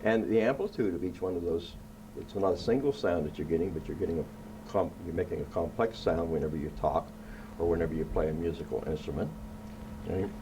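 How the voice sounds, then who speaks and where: A man's voice: sits low, a little fast, noisy background. A man hosting a science show, explaining things to children in a casual, playful way and checking in with "right?" again and again. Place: indoor room.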